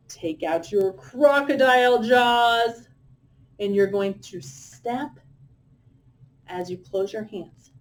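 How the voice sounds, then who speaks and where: A woman's voice: mid-range voice, slow pace. A woman teaching a kindergarten music lesson, leading children through animal sounds for a story.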